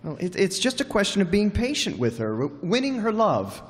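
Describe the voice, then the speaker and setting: A man's voice: sits high, wildly swooping pitch, normal speed, long reverb tail. A man playing a stammering, doting father. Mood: soothing. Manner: stammering, soothing. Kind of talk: amateur radio drama acting.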